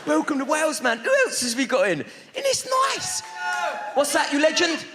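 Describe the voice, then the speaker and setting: Cheeky high-voiced stand-up comic. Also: male voice, quick pace, a loud crowd. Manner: cheeky, bantering with the audience. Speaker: stand-up comedian. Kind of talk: stand-up crowd work. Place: large theatre stage. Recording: live theatre recording with long reverb. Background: loud audience laughter and noise.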